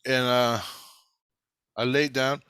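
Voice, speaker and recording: A half-awake man rambling through a profane, casual story, quoting others in quick asides. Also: mid-range voice, level tone, pushed and bright, clear, resonant tone, no echo, clean studio sound. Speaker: video maker. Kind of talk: casual chat.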